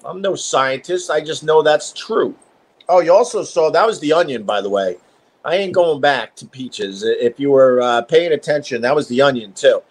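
A man's voice: on the high side, lively intonation, normal speed, slightly rough. A middle-aged man, a radio host on a live stream from home, rambling and profane in casual chat.

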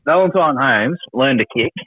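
A dry, deadpan man argues sport with his mates, contrary by habit. He sounds thin and phone-like, with no room around him. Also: medium pitch, moderate pace, breathy edge, dry recording. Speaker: podcast co-host. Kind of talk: casual sports chat. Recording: dry, tinny phone-like line.

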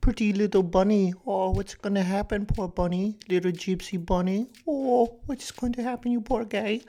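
Man putting on a cooing high-voiced TV painter. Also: steady tone, normal speed. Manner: gentle, cooing, mock accent. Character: soft-spoken male TV painter, dictator parody.

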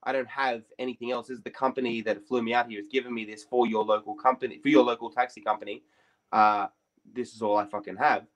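A young man hosting a podcast, telling a story in a rambling, sweary, animated way. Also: medium pitch, quick pace, muffled recording. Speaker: podcast host. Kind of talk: casual storytelling.

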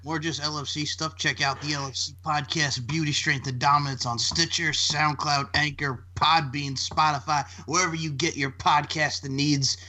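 A man's voice: a little high, steady tone, moderate pace, few pauses, sharp tone. A man co-hosting a casual wrestling podcast, joking and laughing as he rambles through plugs. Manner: laughs often, rambling and jokey. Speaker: podcast co-host.

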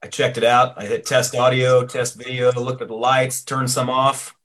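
A man's voice: medium pitch, little pitch movement, normal speed, a bit bright. A male band member on a video call, talking briefly in a laid-back way. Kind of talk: casual interview.

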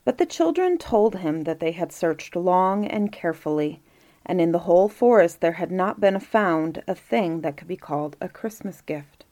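A woman narrates a fairy tale in a calm, measured way. Her voice is warm and mellow, sitting slightly low. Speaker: storyteller.

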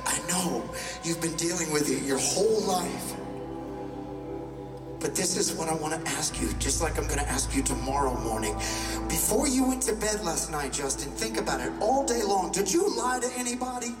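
A man's voice: fairly high pitch, moderate pace, natural voice. A man voicing his own inner voice, which coaxes and then bluntly orders him around, swearing now and then, in an echoey hall. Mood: urgent. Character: man's own stern inner voice, calm, blunt. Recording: echoey hall from far off with loud music.

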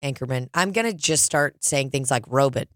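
A woman co-hosting a podcast, telling a story in casual chat, animated and swearing freely. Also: moderate pace, dry recording, clean studio sound. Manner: animated, swears freely, mimics people in high excited voices. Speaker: podcast co-host.

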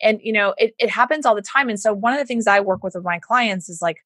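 This Houston business coach talks fast in a mid-range, husky voice with a Southern American accent, captured on a dry recording. In casual podcast conversation she tells stories with animation, performing the voices of those she quotes.

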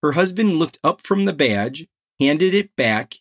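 A man reading a crime novel aloud as narrator, in a slow and measured way. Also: a little high, animated, a bit bright, dry recording, studio quality. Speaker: audiobook narrator.

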